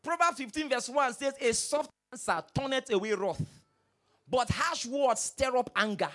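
A pastor preaching a sermon, firing rhetorical questions and swinging from hushed asides to loud bursts. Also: high voice, normal speed.

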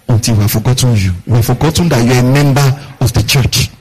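With lively intonation and a quick pace, he barely pauses; his voice is a little mellow and husky on a rough recording. This pastor preaches by asking his congregation questions, repeating key lines, and performing the people in his stories through big pitch jumps.

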